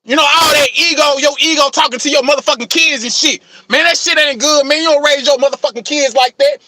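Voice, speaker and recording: A man with a very high, sharp, bright voice delivers an impassioned motivational rant, thick with profanity. He keeps circling back to "man" and "you know what I'm saying." The recording is close and dry. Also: steady tone, fast talker, dry recording. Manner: calls himself passionate, gets things off his chest.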